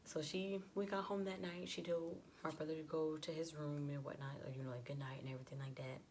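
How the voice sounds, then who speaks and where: Low-voiced young woman telling a story. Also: level tone, fast talker, a little mellow, a little hiss or hum. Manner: chatty, lots of "like" and quoted dialogue. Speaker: vlogger. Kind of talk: casual storytime.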